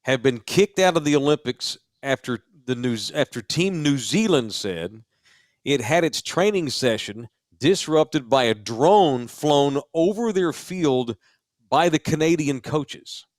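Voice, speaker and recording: A man co-hosting a sports podcast, his pitch swinging freely as he rants and jokes. His voice sits in the middle of the range and comes across dry and close in the studio. He swears freely and laughs easily. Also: no echo. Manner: animated, profane, quick to laugh. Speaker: podcast co-host. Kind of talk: casual sports chat.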